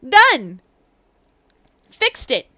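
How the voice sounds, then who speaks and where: A woman's voice: high-pitched, wildly swooping pitch, very slow, bright, forceful tone, no echo. A young woman streamer chatting and joking with her viewers during a live game stream. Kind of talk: live gaming stream chat.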